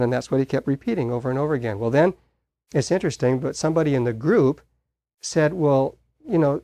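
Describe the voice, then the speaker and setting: Man, preacher, sermon, mellow tone, halting storytelling, dry close sound. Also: medium pitch, no echo. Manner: halting storyteller, frequent uh fillers.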